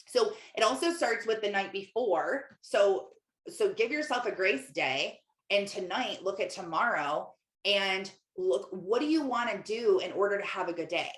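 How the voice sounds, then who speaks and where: A woman's voice: mid-range voice, a bit bright. Chatty woman coach in an echoey room. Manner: candid, chatty, full of "like" fillers. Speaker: Christian life coach and podcast host. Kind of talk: casual podcast monologue.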